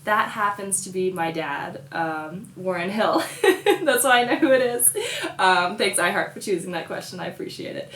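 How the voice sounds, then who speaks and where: A woman's voice: medium pitch, animated, moderate pace, a bit bright. Giggly young woman in an echoey hotel room. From Colorado, US. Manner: bubbly, giggly, lots of fillers. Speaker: musician answering fan questions. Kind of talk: casual chat.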